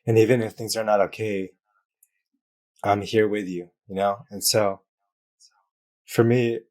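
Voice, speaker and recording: A man's voice: on the low side, steady tone, measured pace, darkish tone. A man as an interview guest, telling an emotional personal story in an open, heartfelt way with many fillers. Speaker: guest, business founder.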